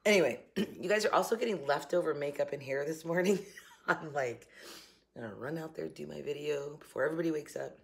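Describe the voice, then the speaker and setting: A woman's voice: deep voice, a little fast, gravelly. A middle-aged woman with a Southern accent and a slight morning cough, chatting casually to camera from her kitchen. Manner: chatty, laughing, upbeat. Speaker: vlogger. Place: home kitchen.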